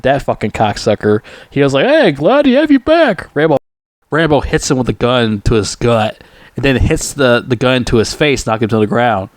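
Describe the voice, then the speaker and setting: A man's voice: mid-range voice, dry recording. A man reviewing a movie in a casual, rambling recap, swearing freely and stumbling over fillers and restarts. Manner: profane, full of fillers and restarts.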